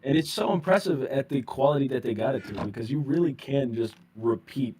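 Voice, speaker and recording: A man's voice: mid-range voice, fairly quick, slight background noise. A man chatting casually over a voice call about a game mod, laughing often and swearing freely. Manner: swears a lot, laughs often, loud bursts. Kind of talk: casual gaming chat.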